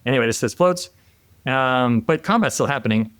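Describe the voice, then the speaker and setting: A middle-aged man, once a military helicopter pilot, recounts his story as a podcast guest. He talks at a mid pitch in an animated, laughing way, often restarting his sentences. The recording is dry, with no room sound. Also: normal speed, no echo. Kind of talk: casual storytelling.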